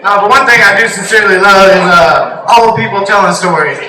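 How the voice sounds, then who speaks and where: Young comic, high-pitched, loose and rambling, echoey bar, mic far off. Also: male voice, brisk. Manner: loose, rambling, laughing delivery with sudden shouts. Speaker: stand-up comedian. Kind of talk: stand-up comedy set. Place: small bar stage. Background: bar crowd noise.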